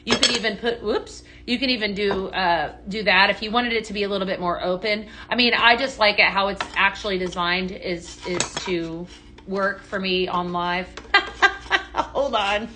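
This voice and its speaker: A woman hosting a live shopping stream, chatting bubbly and warmly greeting viewers by name as she shows products. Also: mid-range voice, fairly even intonation, moderate pace, a little hiss or hum. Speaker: live sales host.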